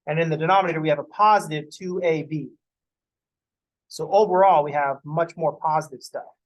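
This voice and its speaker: A young man teaches math in a classroom, his voice sitting a little on the high side. He talks in a loose, joking way, rambling off into rants and casual swearing before he returns to the lesson. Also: fairly quick, poor audio. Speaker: math lecturer.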